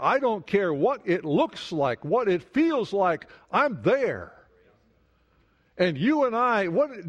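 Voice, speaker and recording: A man preaching a sermon, asking the congregation questions and repeating words for emphasis. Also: high voice. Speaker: pastor. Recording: long hall reverb.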